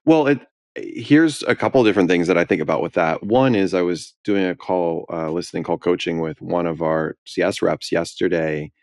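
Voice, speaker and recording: A man's voice: sits low, moderate pace, a little mellow, no room sound, clean studio sound. A man co-hosting a business podcast, talking earnestly about his company in a casual chat. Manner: earnest, many fillers and restarts. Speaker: podcast co-host, company leader.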